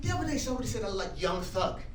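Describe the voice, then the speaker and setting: A man's voice: high voice, racing. An English man doing a playful stand-up set on a club stage, slipping into impressions. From England. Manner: lively, playful, slips into impressions. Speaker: stand-up comedian. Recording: echoey room from a distance with audience noise.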